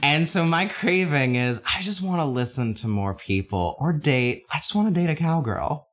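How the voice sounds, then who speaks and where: A woman's voice: low-pitched, expressive, moderate pace. A woman co-hosting a comedy podcast in casual chat, playful and rambling into absurd bits with frequent laughter. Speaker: podcast co-host.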